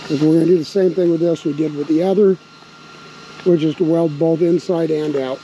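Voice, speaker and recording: A man in a relaxed, casual vlog, thinking aloud as he talks through a project outdoors, with a slight bark in his voice. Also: fairly high pitch, a little fast. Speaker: RV vlogger building a truck tank. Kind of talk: casual workshop vlog narration. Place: outdoors at a windy campsite. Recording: dull lo-fi outdoor recording with wind noise.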